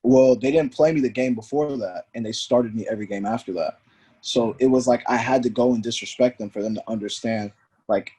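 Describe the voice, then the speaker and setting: A man's voice: mid-range voice, brisk, slightly rough. A man, a former pro soccer player, telling stories as a podcast guest and acting out the voices he quotes. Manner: animated, acts out quoted voices. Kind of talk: storytelling in conversation.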